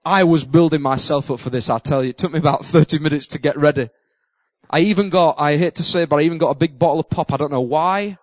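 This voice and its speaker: Middle-aged male preacher, high voice, animated storyteller who mocks himself. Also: fast talker, dry recording, rough recording. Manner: animated, self-mocking storyteller who acts out his own panic. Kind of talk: sermon storytelling.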